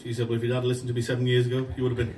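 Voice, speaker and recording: A man's voice: medium pitch, completely flat delivery, rapid-fire, recorded from a distance. Brief: man, amateur stand-up, chatty and sweary, loses his thread, heard from afar in an echoey, noisy room. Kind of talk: stand-up joke telling. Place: function room before a laughing crowd.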